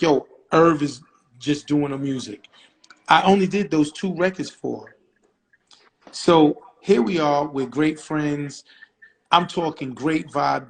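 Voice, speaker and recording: A middle-aged man telling a story as an interview guest, brash, profane and animated. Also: on the high side, gravelly, low-quality recording.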